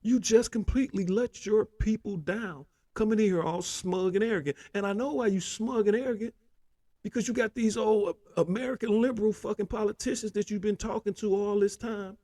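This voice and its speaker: A man's voice: sits high, a little fast, dark tone, no room sound. A man hosting a political commentary show, ranting heatedly with constant profanity and repeated "man".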